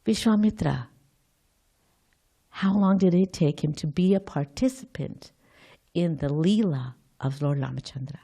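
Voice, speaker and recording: A woman's voice: low-pitched, measured pace, long pauses, warm tone, slightly rough. A woman giving an informal scripture class, thinking aloud, quizzing her listeners and often restarting her sentences.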